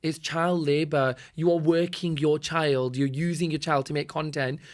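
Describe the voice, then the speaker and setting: A man's voice: a little high, steady tone. A young man hosting a casual podcast chat, opinionated and emphatic, often jumping in over his co-host. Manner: opinionated, emphatic, quick to jump in.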